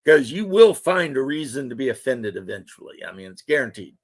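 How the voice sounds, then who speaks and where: With a mid-range, sing-song voice and a slightly fast delivery, a man in his thirties runs a livestream. He rambles loosely and trades jokes in casual conversation with the people watching.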